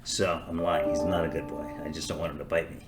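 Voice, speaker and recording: A man's voice: extremely low pitch, level tone, fast talker, over loud music. An older man hosting a podcast, talking in a sarcastic, rambling, self-mocking way in a casual comedic monologue. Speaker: podcast host.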